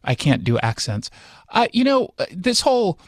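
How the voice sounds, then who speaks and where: A man's voice: high-pitched, sing-song, normal speed, dry recording, clean studio sound. An American man hosting a casual commentary chat, wry and sarcastic in his delivery. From United States.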